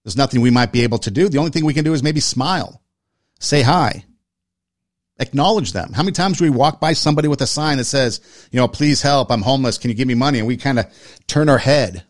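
An earnest man speaks in a reflective, conversational monologue, his pitch sitting at a middling level. He often repeats phrases for emphasis. The sound is dry and close, with no room around it. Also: lively intonation, fast talker, no room sound. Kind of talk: reflective monologue with personal story.

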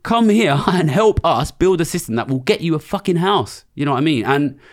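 Fast, blunt, sweary man. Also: fairly high pitch, expressive. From England. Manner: blunt, sweary and passionate, quick-fire. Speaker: economist and former trader, guest. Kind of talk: interview.

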